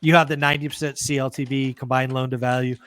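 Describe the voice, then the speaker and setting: A man's voice: medium pitch, little pitch movement, fast, a bit bright. A man hosting an interview podcast, speaking in an upbeat, emphatic way and addressing listeners directly. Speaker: podcast host. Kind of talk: casual interview chat.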